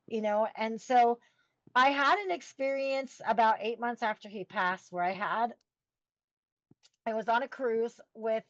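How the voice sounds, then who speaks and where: A middle-aged woman telling her story as a podcast guest, earnest and halting as she searches for words. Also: on the high side, dry recording, highs cut off. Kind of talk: personal storytelling in an interview.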